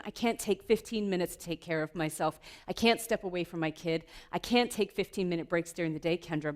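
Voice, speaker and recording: A woman giving a playful, lively keynote talk at a conference, laughing often with the audience. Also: on the low side. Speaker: keynote speaker. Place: conference room.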